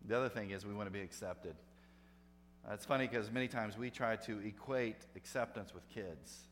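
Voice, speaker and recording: A pastor giving a sermon, conversational, with emphatic rising bursts for effect. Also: male voice, lowish voice, a little fast, fairly bright tone. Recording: long hall reverb, faint hum.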